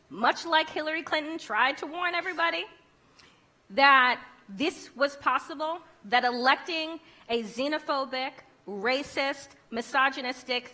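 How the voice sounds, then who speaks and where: A woman's voice: high voice, pushed and bright. A woman giving a conference keynote speech, emphatic and rhetorical, with wry humor. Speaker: keynote speaker.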